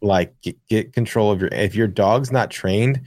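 A man's voice: on the low side, moderate pace, a little mellow, dry recording, clean studio sound. A young man co-hosting a podcast, telling blunt, profane, rambling stories in casual chat. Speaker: podcast co-host.

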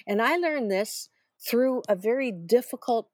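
A woman's voice: fairly high pitch, lively intonation, a little slow, no echo. A middle-aged woman telling her personal story as an author in an interview, emphatic and repetitive, with self-deprecating humor. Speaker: author and guest.

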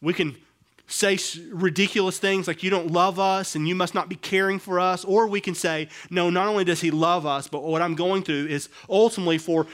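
A middle-aged male pastor preaching a sermon, swinging between quiet, low asides and raised, emphatic passages. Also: fairly even intonation, fairly quick.

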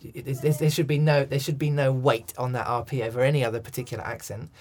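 A man's voice: mid-range voice, little pitch movement, fast, darkish tone. Guy explaining work in an interview, chatty, repeats himself. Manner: thoughtful, many restarts and ums. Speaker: accent coach. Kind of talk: podcast interview answers.

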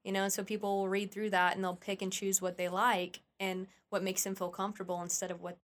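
A woman's voice: medium pitch, flat delivery, brisk. A woman chatting as a podcast co-host, agreeable and conversational.

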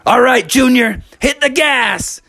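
A man's voice: very high-pitched, lively intonation, takes it slowly, bright, forceful tone, voice pushed up, full character voice. A man voicing an easygoing male bear in a told story, talking in a laid-back casual way. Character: easygoing male bear, eager leader of his friends.

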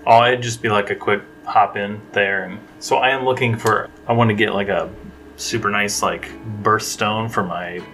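A man's voice: on the low side, fairly even intonation, normal speed, sharp tone, soft background music. A man chatting casually as a player in a tabletop game, with lots of fillers.

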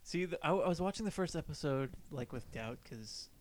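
A man's voice: a little high, animated, brisk. A man co-hosting a casual podcast chat, rambling and swearing now and then. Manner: chatty, swearing, acts out quoted people. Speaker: podcast co-host.

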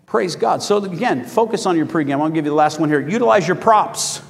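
Brief: high-voiced male pastor, lively, calls for amens, church reverb. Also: fairly quick, vocal fry. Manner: animated, rising to shouts, asking the congregation for amens. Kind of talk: sermon.

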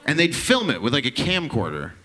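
Lively, bright-voiced male stand-up comedian. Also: medium pitch, a little fast. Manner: profane, loose and riffing, slipping into mocking voices. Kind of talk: stand-up set with crowd work. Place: comedy club stage.

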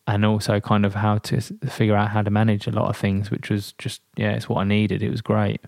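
A man, a guest and military veteran, telling anecdotes in an animated way with many fillers and restarts. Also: fairly low pitch, a little fast, vocal fry, dry recording, studio quality. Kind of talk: storytelling in a podcast interview.

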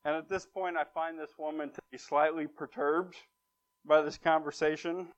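A man's voice: fairly high pitch, little pitch movement, normal speed. A man preaching a conversational sermon, retelling a story with wry, emphatic asides. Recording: dull lo-fi recording.

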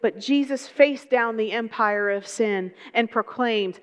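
High-voiced woman preaching in a reverberant hall. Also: a little slow, smooth. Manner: lively storytelling, folksy asides. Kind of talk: sermon.

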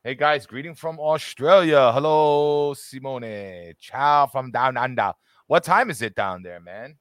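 A man's voice: mid-range voice, unhurried, dry recording. A man co-hosting a casual live-streamed football podcast, upbeat and greeting viewers by name. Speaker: podcast co-host. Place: home studio with green screen.

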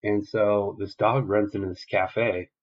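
A man's voice: on the low side, level tone, unhurried, muffled recording. A man co-hosting a podcast, recapping a show in loose, profane casual chat full of fillers. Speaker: podcast co-host.

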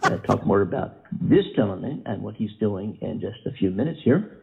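A man's voice: on the low side, expressive, vocal fry, heavy background noise. Man, podcast co-host, stop-start delivery, fillers, narrow phone-like sound. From Philadelphia suburbs, USA. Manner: halting, lots of fillers and restarts. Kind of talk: casual chat. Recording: tinny phone-like audio.

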